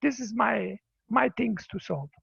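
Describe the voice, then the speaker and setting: A man voicing an indignant scheming young woman who shouts accusing questions while telling a teaching story over a dull video call. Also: high voice, unhurried, vocal fry, husky, no room sound, heavily acted. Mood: confident.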